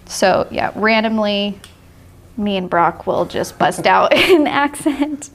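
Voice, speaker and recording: A woman's voice: medium pitch, expressive, slow. A woman teaching a live watercolor painting class, explaining steps patiently and laughing often. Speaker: art instructor.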